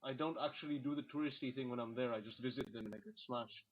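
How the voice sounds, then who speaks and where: A man's voice: medium pitch, fast talker. A man from the Philippines chatting casually as a guest, hesitant and full of ums and likes. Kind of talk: casual chat. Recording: dull lo-fi call audio.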